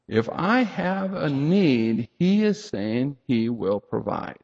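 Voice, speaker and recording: A man's voice: on the high side, big pitch swings, takes it slowly, few pauses, a little mellow, slightly rough, big-room sound, muffled recording. A middle-aged man preaching a sermon, speaking earnestly and directly to his congregation and leaning hard on scripture. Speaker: pastor.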